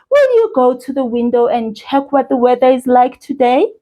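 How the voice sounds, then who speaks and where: A woman's voice: high-pitched, big pitch swings, normal speed, warm tone. A woman teaching a children's language lesson, cheerful and sing-song, talking straight to a child viewer. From South Africa.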